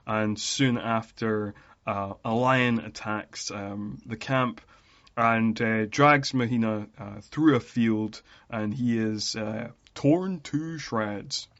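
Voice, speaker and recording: A man's voice: fairly low pitch, fairly bright tone. Wry man chatting about movies. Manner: wry, quick to laugh. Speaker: podcast host. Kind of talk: casual film discussion. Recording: dull lo-fi sound.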